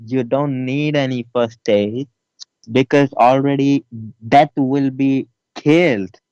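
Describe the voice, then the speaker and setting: A male caller whose first language is Urdu answers defensively, with halting replies. His voice comes through dull, bone-dry call audio at a middling pitch. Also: fairly even intonation, darkish tone, smooth, no room sound. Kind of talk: live online religious debate.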